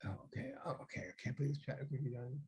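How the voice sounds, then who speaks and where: A man's voice: mid-range voice, very fast. A man teaching a physics class online, talking casually and animatedly, often reacting to the class chat. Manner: chatty, animated, reads chat aloud.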